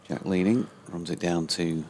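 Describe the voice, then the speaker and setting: A man's voice: low-pitched, steady tone, moderate pace, darkish tone, slight background noise. A man giving easygoing ball-by-ball cricket commentary, correcting himself as he goes.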